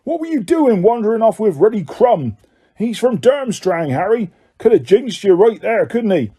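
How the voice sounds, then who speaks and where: A man voicing a huge, gruff male gamekeeper with rough, blunt speech. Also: fairly high pitch, expressive, a little fast, dark tone. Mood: angry.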